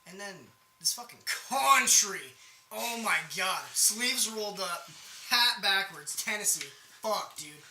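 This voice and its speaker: A man's voice: high voice, expressive, slow pace, background noise. A young man co-hosting a podcast, telling a profane, rambling story among friends with frequent laughter. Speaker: podcast co-host. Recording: echoey room with chatter behind.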